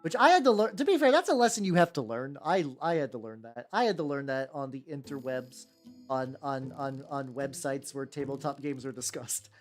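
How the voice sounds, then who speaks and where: A woman hosting a casual live stream while painting miniatures, rambling and swearing freely, with soft music behind her. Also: animated. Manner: rambling, swears casually, quick pitch jumps when quoting people. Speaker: vtuber host painting miniatures. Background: soft background music.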